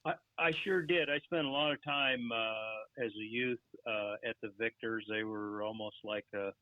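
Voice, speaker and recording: A man's voice: lowish voice, fairly even intonation, normal speed, no room sound. A middle-aged man calling in to a podcast quiz, giving easygoing, short, friendly replies. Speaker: caller and quiz contestant. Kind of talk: casual phone chat. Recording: dull, dry phone-call audio.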